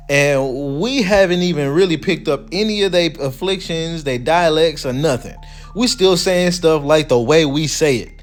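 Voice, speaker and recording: Slightly high-voiced man reading and commenting. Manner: reads quotes slowly, then chats loosely. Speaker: video host.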